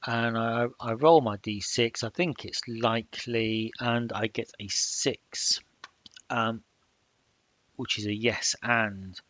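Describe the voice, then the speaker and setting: Slow, halting man narrating a solo game. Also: medium pitch, fairly even intonation, a bit bright, no room sound. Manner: halting, with many fillers. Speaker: solo tabletop game player. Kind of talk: solo role-play narration.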